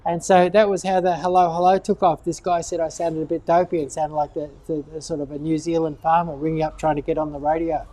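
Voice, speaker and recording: Woman gardening expert, lowish warm voice, loose chatty answers full of repeated words. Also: level tone, fast, hardly any pauses. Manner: rambling, repeats words while thinking. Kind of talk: casual Q&A chat.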